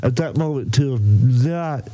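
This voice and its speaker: A man's voice: medium pitch, a little slow, warm tone, dry recording. A man hosting a reaction video in casual, blunt commentary, still sick, with audible breathing and an incredulous, profane way of talking.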